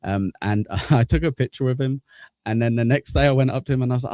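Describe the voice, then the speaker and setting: A man's voice: mid-range voice, rapid-fire, dark tone, no echo. A man hosting a livestream, chatting casually as he thanks channel members, rambling and self-deprecating. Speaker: livestream host.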